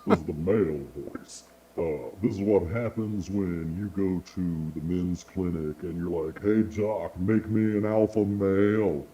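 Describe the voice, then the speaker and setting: Guy on a super low macho voice effect, slow and dark, kinda muffled mic. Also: fairly even intonation, a little hiss or hum. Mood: mock-macho. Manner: mock-macho, drawling. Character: deep-voiced macho man made by a voice changer. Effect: deep pitch-shifting voice changer.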